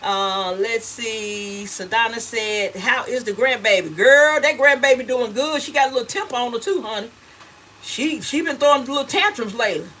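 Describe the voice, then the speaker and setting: A middle-aged woman who sells gift baskets hosts a casual livestream, reading viewer comments aloud in a chatty, homey way and calling people honey and baby. Her voice is a little high and fairly bright, at a normal speed. The recording is low quality with slight background noise.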